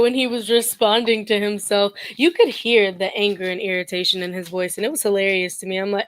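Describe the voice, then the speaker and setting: A young woman chatting to camera in a sassy, blunt commentary style. She laughs often and mocks freely, her pitch sitting in an ordinary middle range. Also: moderate pace, dry recording. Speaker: commentary vlogger. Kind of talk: casual commentary chat.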